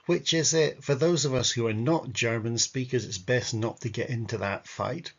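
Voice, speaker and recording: Male travel vlogger, mid-pitched and gravelly, wry and rambling, dull lo-fi audio. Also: moderate pace. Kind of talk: casual travel commentary over photos.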